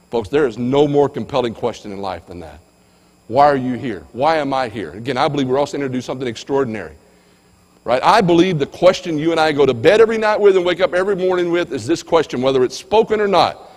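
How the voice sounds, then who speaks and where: A man delivering a motivational keynote in a large auditorium, his slightly high voice swinging from punchy bursts to near-whispers. His words trail off into a long hall reverb. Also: lively intonation, fast. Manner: emphatic, swings between loud and hushed.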